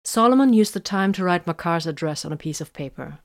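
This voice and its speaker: A woman narrating an audiobook in a steady, even storytelling manner. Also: fairly low pitch, fairly quick, hardly any pauses.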